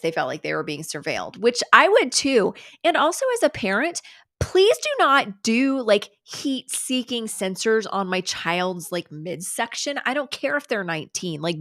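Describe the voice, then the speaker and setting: A middle-aged woman hosting a casual livestream, sarcastic and animated, swearing freely and dropping to whispers for asides. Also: medium pitch. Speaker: livestream host. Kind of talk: casual chat.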